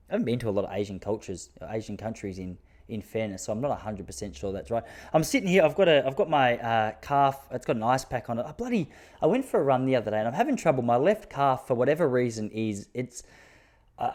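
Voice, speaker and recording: An Australian man in his thirties hosts a podcast, spinning casual stories in a laid-back, self-mocking way. His voice is a little mellow and brisk, with lively intonation that leaps into high-pitched disbelief whenever he tells a joke.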